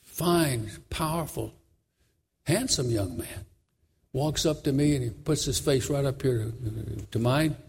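A man's voice: mid-range voice, slow pace, darkish tone, big-room sound, slight background noise. A man preaching a sermon, telling a story with fervor and repeating phrases for emphasis.

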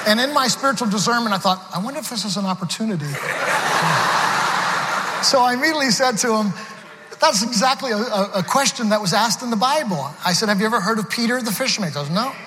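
A man preaching a sermon, telling stories with laughter and frequent restarts. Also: high-pitched. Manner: storytelling with laughs, many restarts. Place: large church hall. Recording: reverberant hall with crowd noise.

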